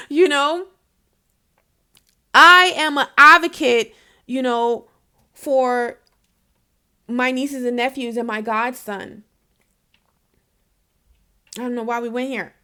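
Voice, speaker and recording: A woman with a high voice gives a casual spiritual reading. She is chatty and emphatic, and laughs often. She speaks right to the listener with encouragement. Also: a little slow, pauses often, pushed and bright. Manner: encouraging, addresses the listener directly. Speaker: intuitive reader.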